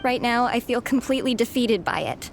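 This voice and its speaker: An actress playing a theatrical young student and comic-book fan in a game, talking in an expressive, dramatic manner. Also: female voice, a little high, a little fast, gravelly, soft background music. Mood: pleading. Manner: theatrical, pleading then mock-solemn.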